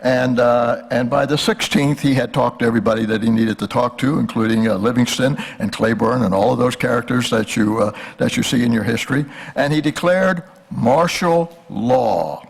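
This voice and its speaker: An older man speaks in a gravelly voice. He lectures on history in a relaxed, joking way and stops often with fillers. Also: medium pitch, moderate pace, hardly any pauses. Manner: folksy, hesitant with many fillers. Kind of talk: lecture with jokes.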